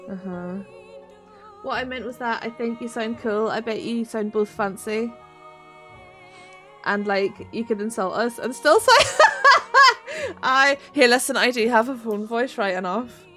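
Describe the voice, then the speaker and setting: Northern irish girl streaming, chatty and sweary, bit high voice, faint game music behind. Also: normal speed, a bit bright. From Northern Ireland. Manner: chatty, swears freely, laughs often. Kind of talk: casual live-stream chat while gaming.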